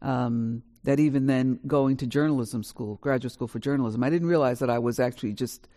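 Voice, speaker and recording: A woman in her sixties shares her family story on stage at a live panel. She is from New York and speaks with lively, animated energy. She acts out the dialogue as she goes. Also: a bass voice, fairly quick. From New York, USA. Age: 60s. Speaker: author on a panel. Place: college auditorium with a live audience.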